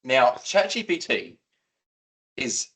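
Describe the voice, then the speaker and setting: An Australian man co-hosting a casual footy podcast, excitable and rambling, swearing freely as he tells stories. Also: mid-range voice, takes it slowly. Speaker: podcast co-host. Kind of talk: casual chat.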